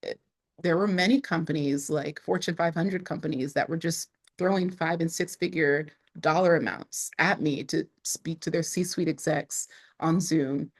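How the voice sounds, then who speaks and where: Female vlogger, fairly low voice, chatty and self-interrupting, laughs a lot. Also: fairly even intonation, normal speed, slightly rough. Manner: chatty, laughs often, many restarts. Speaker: online creator and speaker. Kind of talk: casual talking-to-camera vlog.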